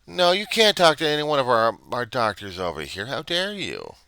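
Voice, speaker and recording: A man's voice: medium pitch, wildly swooping pitch, normal speed, creaky, pushed and bright, smooth, dry recording, voice pushed up, heavily acted. A man voicing a bored, dismissive insurance authorization clerk who talks down to a caller in a sarcastic tone.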